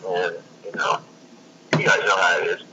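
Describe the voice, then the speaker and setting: A man joins a loose wrestling chat, teasing his co-hosts and cursing as he goes. His voice sits low, and the call audio is dull with a clear layer of hiss behind it. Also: completely flat delivery, normal speed. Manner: crude, teasing, swears freely. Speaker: podcast co-host.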